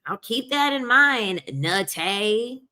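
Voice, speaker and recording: Bright-voiced woman chatting slowly. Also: mid-range voice. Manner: chatty, emphatic, laughs often, repeats herself. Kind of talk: casual chat to camera.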